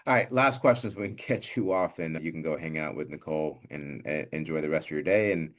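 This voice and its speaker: A male podcast host with a very low voice who keeps the interview loose and casual. He teases his guest and jokes around between his questions. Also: fairly quick, fairly bright tone. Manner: joking, teasing.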